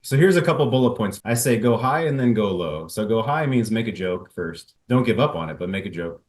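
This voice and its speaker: A man coaching a caller about marriage, playful and quick to act out both sides of an argument. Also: fairly low pitch, lively intonation, slight background noise. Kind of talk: coaching call.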